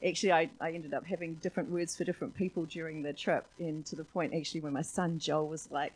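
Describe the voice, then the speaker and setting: Husky New woman telling stories. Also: fairly low pitch, fast talker, few pauses, rough recording. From New Zealand. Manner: animated storyteller, laughs often, acts out voices. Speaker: church speaker. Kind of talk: sermon with personal storytelling.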